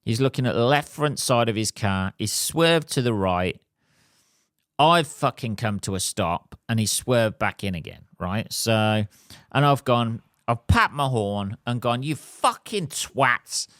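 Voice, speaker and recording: A middle-aged man hosting a podcast, telling a story as an animated, sweary rant. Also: fairly low pitch, measured pace, dry recording, studio quality. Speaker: podcast host. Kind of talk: casual monologue.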